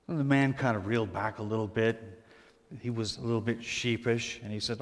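A man pastor giving a humorous, storytelling sermon, dropping to a hush for emphasis. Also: mid-range voice, moderate pace, big-room sound.

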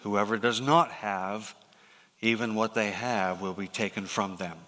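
Man reading a stern, angry master. Slow and weighty, bright edge, long hall echo. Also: lowish voice, steady tone, pitched below the performer's own voice. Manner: slow, grave, weighty delivery. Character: stern, angry master scolding a lazy servant.

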